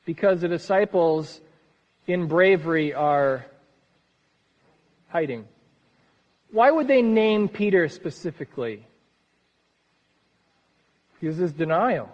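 A man preaching a sermon as pastor, earnest and lively, often dropping soft at the ends of phrases. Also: fairly high pitch, takes it slowly, long pauses. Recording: reverberant hall, dull sound.

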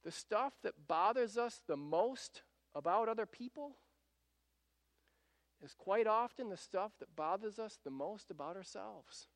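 A man's voice: high voice, animated, a little slow. A male pastor preaching a sermon in a casual, conversational way, often acting out the people in his story. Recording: long reverb of a large hall.

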